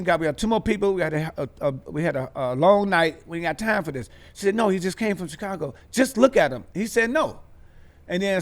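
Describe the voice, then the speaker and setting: A comedian man from the Midwest, animatedly telling comic stories as a talk-show guest and acting out other people's voices with street slang. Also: fairly high pitch.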